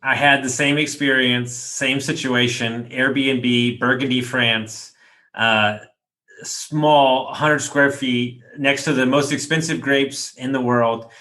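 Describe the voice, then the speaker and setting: A man hosting a podcast interview, telling stories in a casual, animated way and dropping slang like dude. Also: mid-range voice, slow. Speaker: podcast host.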